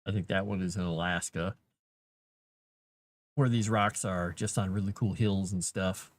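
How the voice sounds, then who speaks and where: A man's voice: sits low, steady tone, a little slow. A man, an author, chatting casually with his viewers on a live stream and cooing at his cat between thoughts.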